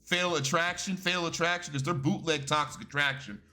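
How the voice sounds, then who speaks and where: A man reviews a wrestling show in a casual, animated way, full of swearing and strong opinions. His voice is bright and sits a little high, with faint music behind him. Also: brisk.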